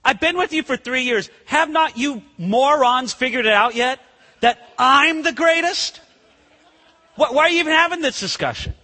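A man's voice: high voice, expressive, moderate pace, sharp tone, husky, long reverb tail, full character voice. A man voicing an imagined adult Jesus who talks to his followers in casual modern slang. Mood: exasperated.

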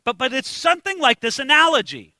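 Animated, high-voiced male preacher. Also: brisk, dry recording. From United States. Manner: animated, acts out quoted voices, swings from hushed to shouting. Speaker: pastor. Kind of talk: expository sermon.

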